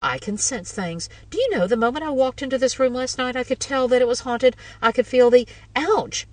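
Lady reading as a giddy ghost-crazy busybody, gushing and high, a bit far off the mic. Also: a little fast, darkish tone, no echo, natural voice. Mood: excited. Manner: gushing, breathless, triumphant. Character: eager, meddlesome older woman obsessed with ghosts.

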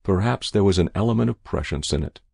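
A man narrating a classic story in a measured, deliberate audiobook reading. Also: sits low, animated, vocal fry, darkish tone, breathy edge, no echo, studio quality.

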